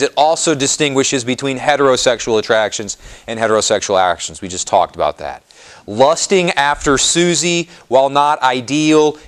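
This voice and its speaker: A man, a Catholic priest, giving a casual, conversational talk to a parish audience. He repeats phrases for emphasis, checks in often with the listeners and asks them questions. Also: mid-range voice. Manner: repeats phrases for emphasis, soothing "just calm down"; asks the audience questions and answers their replies. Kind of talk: parish presentation to a live audience.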